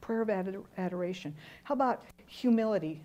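A middle-aged woman teaches a church class in an earnest, storytelling way. She repeats key words to drive her points home. Her pitch sits in an ordinary middle range. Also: fast, hardly any pauses, warm tone. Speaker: Bible teacher.

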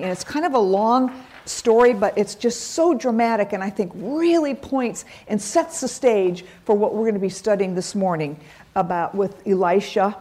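A woman's voice: mid-range voice, mellow. A middle-aged woman teaching a Bible study, reading scripture aloud with dramatic emphasis on the quoted lines.

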